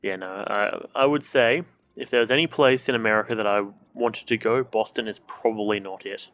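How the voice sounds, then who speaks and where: A man's voice: lowish voice, normal speed, fairly bright tone, no echo. A young man streaming a video game from a room at home, casual let's-play commentary, joking, swearing and making silly sound effects.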